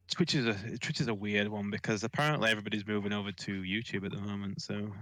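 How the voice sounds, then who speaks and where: A man's voice: on the low side, steady tone, quick pace, bright, forceful tone, no echo. A man from the UK co-hosting a casual podcast livestream, rambling and self-mocking with some swearing. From United Kingdom. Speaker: podcast co-host.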